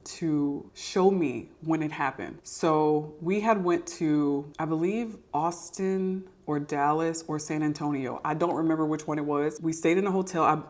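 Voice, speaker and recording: A woman's voice: deep voice, unhurried, few pauses, darkish tone. A woman, sharing a personal testimony on her podcast in an earnest, confessional way, often repeating herself for emphasis. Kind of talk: personal testimony, casual and candid.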